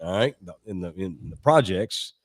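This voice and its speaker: A middle-aged man from Texas, co-hosting a sports podcast, telling childhood stories in a profane, animated, laughing way. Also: low voice, a little slow, no room sound, clean studio sound. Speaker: sports radio co-host. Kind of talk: casual podcast storytelling.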